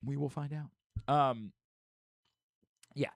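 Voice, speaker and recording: A hoarse man hosting a sports radio show, chatting casually and joking at his own expense. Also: medium pitch, fairly even intonation, extremely slow, no room sound. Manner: self-mocking, repetitive joking. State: hoarse from singing at a concert.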